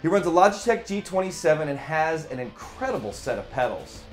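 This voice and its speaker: A man's voice: fairly high pitch, sing-song, a little fast, few pauses, faint music behind. A man co-hosting a sim racing show, chatting in an easygoing, enthusiastic way with loose fillers. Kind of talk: casual chat.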